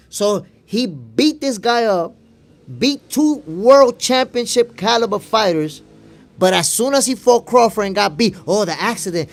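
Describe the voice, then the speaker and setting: Man, boxing stream host, emphatic, argumentative, slightly high pitch, casual commentary. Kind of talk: live stream commentary reading chat.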